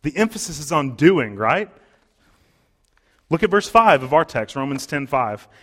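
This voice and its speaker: A man's voice: fairly high pitch, sing-song, measured pace. A man preaching a sermon in a conversational way, with fillers and restarts, as pastor of the congregation.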